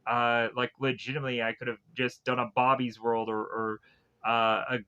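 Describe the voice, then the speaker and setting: A man giving a casual spoken film review, rambling and halting with many filler words. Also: medium pitch, level tone, bright, forceful tone, clean tone, muffled recording.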